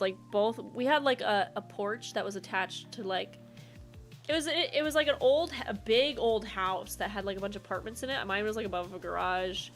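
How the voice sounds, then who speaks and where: A young woman streaming a game, chatting casually and telling a rambling, animated story full of fillers. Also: medium pitch. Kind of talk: casual gameplay chat and storytelling.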